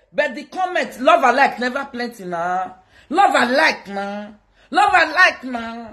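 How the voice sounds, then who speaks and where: A Nigerian woman streaming live, her voice leaping up and down in sing-song calls as she jokes with viewers. She teases and hawks in a playful, bouncy rhythm. Her pitch sits in a middle range. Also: a bit bright. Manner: sing-song hawking calls, switches between Pidgin and Yoruba; teasing, talks to viewers. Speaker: social media live streamer. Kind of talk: playful livestream chatter.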